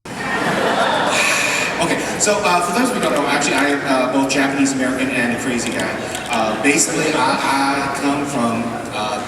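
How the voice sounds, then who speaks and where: A man's voice: mid-range voice, normal speed. A man from Texas, the master of ceremonies, telling comic stories on stage in a large convention hall with a playful, self-mocking delivery. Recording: echoey hall from far off with loud crowd noise.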